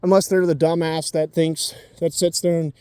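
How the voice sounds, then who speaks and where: A man's voice: fairly high pitch, level tone, moderate pace, a little mellow, clear, resonant tone, no room sound. A man in his twenties giving dating advice in a blunt, profane, ranting casual monologue. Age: 20s.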